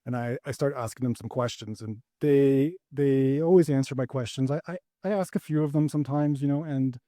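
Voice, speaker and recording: A young man doing a stand-up set, rambling and hesitant with many restarts, landing deadpan punchlines. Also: medium pitch, no echo, clean studio sound. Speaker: stand-up comedian.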